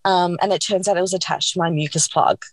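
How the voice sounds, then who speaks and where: A woman's voice: lowish voice, fast. A woman, a podcast guest, telling a personal story candidly and animatedly, acting out what people said and saying "like" a lot. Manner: animated, acts out quoted dialogue, frequent "like".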